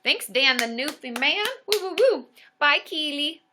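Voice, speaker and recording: A woman hosting a casual livestream as a counselor, bubbly and excitable, cheering along with sound effects. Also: high voice, unhurried, noisy background. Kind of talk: casual livestream chat with viewers.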